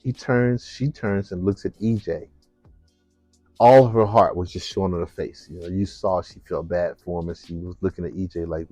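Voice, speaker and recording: A man with a low voice tells a personal story with lots of energy, acting out the people in it and laughing along the way. The sound is dry and close to the mic. Faint music plays underneath. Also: no room sound. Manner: animated, acts out voices, laughs while telling.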